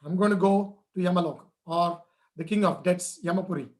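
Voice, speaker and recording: A man's voice: high voice, brisk, darkish tone, natural voice. A man voicing a pious, steadfast five-year-old boy who earnestly presses his father with questions.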